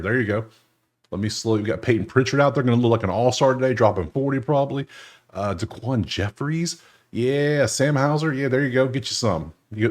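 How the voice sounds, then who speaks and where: A man hosting a sports betting channel, talking through games in a loose, joking way and chuckling often. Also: lowish voice. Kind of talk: casual screen-share commentary.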